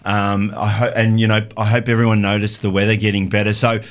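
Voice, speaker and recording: Male radio co-host, slightly low pitch, enthusiastic rambling delivery. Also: little pitch movement, fairly quick. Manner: upbeat, rambling with fillers and restarts. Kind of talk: casual radio chat.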